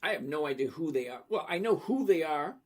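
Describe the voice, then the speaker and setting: A man hosting a casual livestream, talking slowly and emphatically and often checking in with "okay?". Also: fairly high pitch, animated. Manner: slow, emphatic, repeats "okay?" to check understanding. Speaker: livestream host answering viewer questions. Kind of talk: casual livestream chat about stocks.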